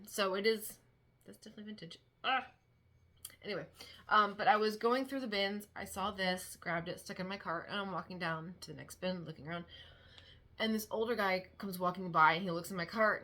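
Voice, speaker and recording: A woman's voice: mid-range voice, pushed and bright. A woman chatting casually at home as a vlogger, rambling with many restarts and fillers while showing thrift finds. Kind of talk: casual chat. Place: home dining room.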